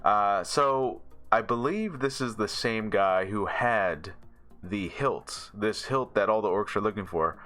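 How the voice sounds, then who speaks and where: A man talks through an episode review in a loose, chatty way, doubling back and padding with fillers. His voice sits low in pitch yet has a bright, forceful edge. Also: slow pace, soft background music. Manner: rambling, many fillers and restarts, laughs often. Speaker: show reviewer. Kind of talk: casual video review.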